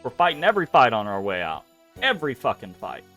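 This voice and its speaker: Swearing, animated let's play host. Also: mid-range voice, quick pace, faint music behind. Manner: rambling, swears freely, laughs. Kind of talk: casual game commentary.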